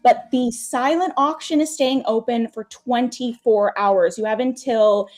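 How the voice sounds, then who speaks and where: A woman with a fairly high voice runs through donation incentives as host and game master of a charity stream. She sounds upbeat and grateful, keeping it chatty with a few fillers. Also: a little slow, darkish tone.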